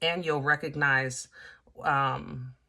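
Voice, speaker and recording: A woman's voice: sits low, fairly even intonation, takes it slowly, vocal fry, bright, forceful tone. A woman giving a casual tarot reading, chatty and emphatic, talking straight to the viewer with many fillers. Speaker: tarot reader.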